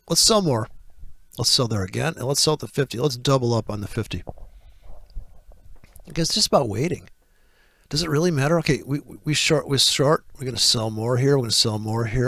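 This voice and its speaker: A man giving excitable, profane live trading commentary, thinking out loud as he places orders. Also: a little high, vocal fry, no echo, studio quality. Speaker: forex trader.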